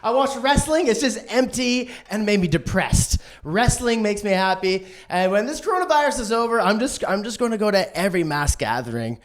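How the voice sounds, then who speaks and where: Manic man with a lively voice. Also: fairly quick, few pauses. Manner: manic, swearing, acts out quotes in a shrill voice. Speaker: stand-up comedian. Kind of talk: stand-up set. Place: online streamed show.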